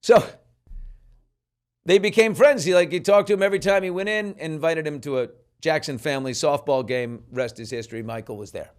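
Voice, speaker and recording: A man's voice: a little high, fast talker, few pauses. A man hosting a talk show, chatting casually and telling stories with animation, acting out the people he quotes. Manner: animated storyteller who acts out quoted people. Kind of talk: casual chat.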